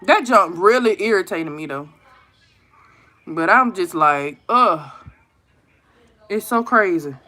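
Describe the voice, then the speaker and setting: In her thirties, this woman hosts a live stream and talks casually and animatedly to her viewers, whom she calls "y'all," about her kids' online classes. She tells the story with energy in a lowish voice at a measured pace.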